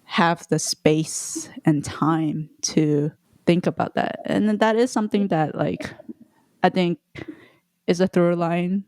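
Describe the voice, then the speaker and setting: A woman co-hosting a podcast, asking questions in a relaxed, casual way. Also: fairly low pitch, slow pace, no echo, studio quality. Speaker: podcast co-host. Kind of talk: casual chat.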